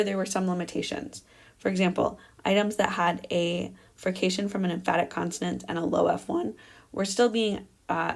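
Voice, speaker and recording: A woman's voice: mid-range voice, vocal fry. A young adult woman giving an academic research presentation, explaining carefully with frequent fillers. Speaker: doctoral candidate presenting research.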